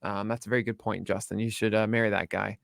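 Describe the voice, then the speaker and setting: A man's voice: lowish voice, little pitch movement, fast talker, gravelly, fairly bright tone, no room sound. A man hosting a casual panel chat, playful and joking. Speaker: host.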